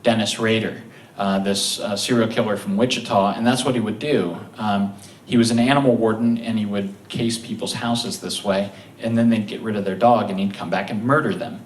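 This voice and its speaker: A man's voice: on the low side, steady tone, moderate pace, slight background noise. Male live storyteller, Ohio accent, self-mocking and chatty; roomy venue sound, miked from a distance. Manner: conversational, self-deprecating, acts out quotes. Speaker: storyteller on stage. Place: live stage before an audience.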